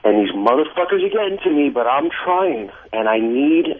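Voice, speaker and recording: A man's voice: fairly high pitch, very animated, normal speed. A man calling in to a radio show, earnestly asking the host for advice. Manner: earnest, pleading. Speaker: caller. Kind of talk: call-in chat. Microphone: telephone. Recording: tinny phone line with faint hiss.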